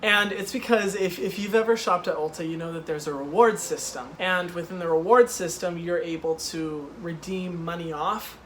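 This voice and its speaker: A young man hosting a casual chat, retelling a customer story in an animated, exasperated way with lots of "like". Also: sits high, moderate pace, hardly any pauses, a little hiss or hum. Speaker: host.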